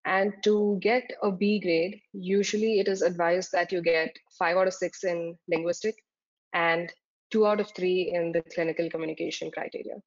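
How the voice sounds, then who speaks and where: A woman with a fairly low voice teaches from her slides, defining each term one by one and pausing on small fillers as she goes. The sound is dull and lo-fi, with the top end muffled. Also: fairly even intonation. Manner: explains terms step by step, with frequent fillers. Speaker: exam tutor. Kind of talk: slide-based lecture. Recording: dull lo-fi recording.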